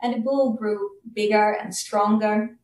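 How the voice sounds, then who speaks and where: Woman giving a Dhamma talk, casual storytelling, mid-pitched, roomy echo, mic far off. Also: steady tone, a little mellow. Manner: casual, halting, many fillers. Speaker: Dhamma speaker.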